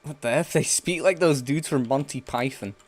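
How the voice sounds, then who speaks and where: Rambling streamer, mid pitch. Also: male voice, moderate pace, dry recording. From England. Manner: rambling, joking, swears casually. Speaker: game streamer. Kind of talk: casual gameplay chat.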